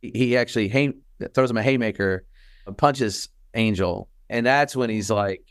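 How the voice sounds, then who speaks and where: A man co-hosting a podcast in casual chat, animated and quick to act out quoted lines. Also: medium pitch, smooth, dry recording, clean studio sound. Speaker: podcast co-host.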